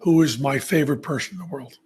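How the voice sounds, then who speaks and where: A man hosting a podcast, telling stories in a casual, animated way and laughing at his own anecdotes. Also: a little high, quick pace, breathy edge. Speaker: podcast host. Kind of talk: casual storytelling chat.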